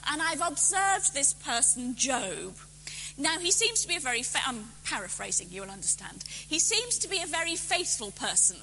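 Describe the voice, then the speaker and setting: A woman lecturing in a high, animated voice with a bright, forceful edge. She talks conversationally and fixes her own slips as she goes. The sound carries a long hall reverb with a faint hum underneath. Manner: lively, self-correcting, conversational lecturing. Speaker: theologian lecturing. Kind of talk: public lecture.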